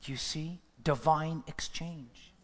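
A man's voice: fairly high pitch, fairly even intonation, takes it slowly, fairly bright tone. A man preaching a sermon, telling his testimony as a dramatic story and building to fervent emphasis. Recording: long reverb of a large hall.

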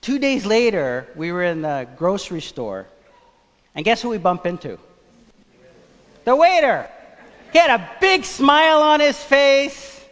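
A man preaching a sermon, telling a personal story in a conversational, animated way. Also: very high-pitched, a little slow, pauses often. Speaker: pastor. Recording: long church reverb.

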